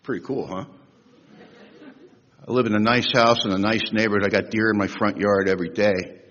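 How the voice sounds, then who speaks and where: Older man, husky voice, humorous animated storytelling, long hall reverb, dull lo-fi sound. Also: a little fast, a little hiss or hum. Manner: humorous, animated storytelling with big swings in pitch and loudness. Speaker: recovery meeting speaker. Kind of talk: storytelling talk at a recovery convention. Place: large convention hall.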